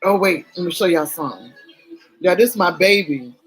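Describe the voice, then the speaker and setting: A woman's voice: fairly low pitch, lively intonation, a little fast, husky, soft background music, rough recording. A middle-aged woman talking candidly to her camera in a chatty, emotional vlog, swearing casually as she goes. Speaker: vlogger.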